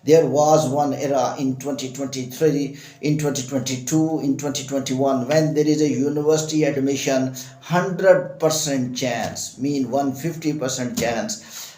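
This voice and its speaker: A man's voice: medium pitch, fairly even intonation, measured pace, dark tone, roomy sound, poor audio. A man giving opinionated immigration news commentary, emphatic and impassioned, repeating phrases for stress.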